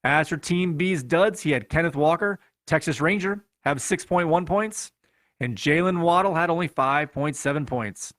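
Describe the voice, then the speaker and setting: A man with a Chicago accent walks through the week's fantasy football results in a playful, running recap. His voice sits a bit high. It is recorded close and dry. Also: moderate pace, a bit bright, dry recording. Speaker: podcast host.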